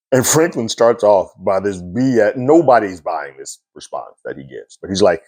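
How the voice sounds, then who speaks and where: Brief: male reviewer, deep voice, dry close sound, chatty recap with fillers. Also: big pitch swings, normal speed, few pauses, darkish tone, no echo. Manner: loose and conversational, frequent fillers and little laughs. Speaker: TV episode reviewer.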